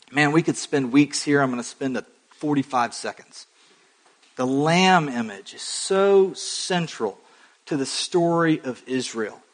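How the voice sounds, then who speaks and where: A male pastor preaching a sermon, emphatic, with dramatic pauses, rising swells and folksy asides. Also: on the high side, a bit bright.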